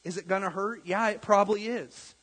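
A man preaching a sermon as a pastor, earnest, getting louder on key points and then dropping soft. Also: sits high, steady tone, fairly quick, breathy edge. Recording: long echo of a large hall.

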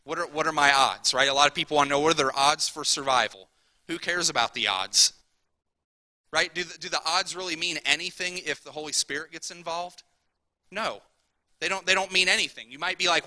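A pastor, a man, delivers a sermon with a very bright, cutting tone and a voice a bit higher than most men's. He talks to the congregation casually, tossing in "right?" and dropping to quiet asides before pushing back up to loud emphasis. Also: normal speed, poor audio. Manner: conversational preaching, repeats "right?", swings from soft asides to loud emphasis.

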